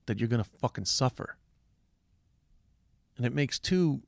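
A man's voice: mid-range voice, vocal fry, dry recording, studio quality. A man, talking through his opinions in a casual monologue. He swears constantly, restarts his sentences and pushes his points with passion. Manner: heavy swearing, rambling restarts, impassioned.

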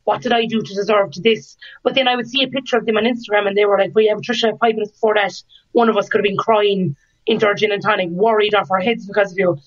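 A woman's voice: mid-range voice, quick pace. Laughing woman telling her story. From Ireland. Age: 30s. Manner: lively, laughs often, acts out quoted lines. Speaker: guest. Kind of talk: candid interview storytelling. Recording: dull lo-fi sound.

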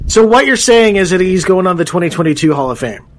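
A man's voice: high-pitched, expressive, quick pace. A man co-hosting a casual movie-riffing podcast, tossing out dry sarcastic quips.

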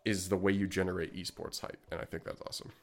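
A man's voice: low-pitched, level tone, quick pace, faint music behind. A man co-hosting a card game podcast, rambling in casual chat with frequent laughter and restarts. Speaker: podcast co-host.

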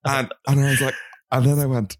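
A man's voice: mid-range voice, level tone, a little fast, noisy background. A man co-hosting a podcast, trading gossipy, laughing, swearing banter in casual chat. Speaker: podcast co-host.

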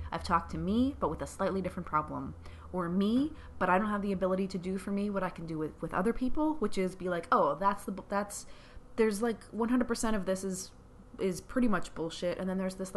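A woman's voice: medium pitch, slight background noise. A woman business coach giving a blunt, profane motivational monologue, repeating her points for emphasis.

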